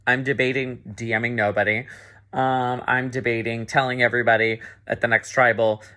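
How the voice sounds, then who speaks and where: A man's voice: medium pitch, level tone, moderate pace, bright, forceful tone. A man giving a frustrated confessional as a game contestant, swearing and repeating himself. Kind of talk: confessional rant.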